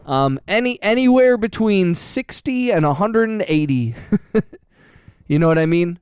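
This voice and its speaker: A man's voice: sits high, animated, measured pace, darkish tone, clean tone, no echo, clean studio sound. A young man from the United States producing music on a live stream, chatting casually with viewers in a slangy, joking, laid-back way and laughing often, recorded on a phone. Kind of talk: casual livestream chat.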